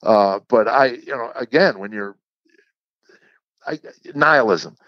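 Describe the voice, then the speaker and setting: A man, a comedian guest on an interview podcast, candidly telling a personal story in a halting, earnest way and acting out the quotes. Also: medium pitch, no echo, muffled recording. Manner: earnest, halting retelling with repeated words and acted-out quotes.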